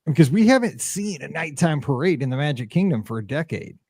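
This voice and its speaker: A man tells a long story on a podcast, rambling and animated, full of fillers. His voice sits a bit higher than most men's. The recording is dry and close, with no room echo. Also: a little fast. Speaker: podcast host. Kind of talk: casual podcast chat.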